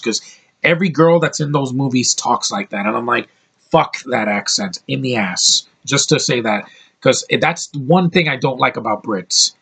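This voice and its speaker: An American man reviews a film in a casual, rambling way, blunt and opinionated, cursing freely and often restarting sentences. His voice runs on the high side, creaky, husky and a little bright.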